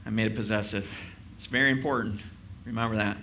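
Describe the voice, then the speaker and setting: Preaching in a casual, conversational style, a male pastor cracks self-deprecating jokes and keeps throwing rhetorical questions at his listeners. He talks fast in a lowish, steady voice that sounds pushed and bright, with slight background noise.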